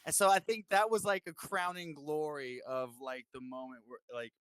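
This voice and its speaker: Speaking at a normal pace in a slightly high, smooth voice with no room sound, a male musician guest spins stories in a relaxed interview. He curses freely and does voices for other people, peppering it all with "like."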